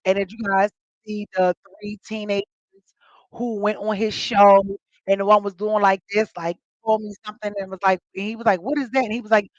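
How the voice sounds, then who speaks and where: Woman host, casual chat, animated storyteller who acts out quotes; dry, slightly dull lo-fi mic. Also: no room sound. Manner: animated storytelling, acting out quotes with big pitch jumps. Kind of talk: casual chat to a live audience.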